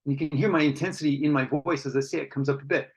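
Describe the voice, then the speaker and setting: A man's voice: a little high, fairly even intonation, quick pace, slightly rough, rough recording. A man facilitating an online workshop, reading out participants' comments and reflecting on them in an earnest, conversational way, with frequent restarts.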